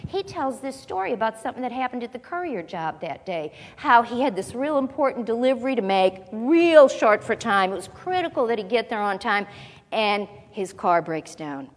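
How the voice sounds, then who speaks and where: A woman with a high voice gives a conversational Bible teaching. She talks casually and often puts rhetorical questions to her listeners. Her voice rings with a long reverb, as in a large hall. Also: sing-song, normal speed. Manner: chatty, asks the audience rhetorical questions.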